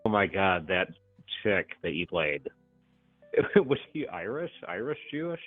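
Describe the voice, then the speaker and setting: A middle-aged man calls in to a talk show and tells his story in a chatty, animated way, laughing often. His voice sits on the low side. It comes over a tinny phone line that sounds dry, with faint music behind. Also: measured pace, dry recording. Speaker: caller. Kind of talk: casual phone call-in chat.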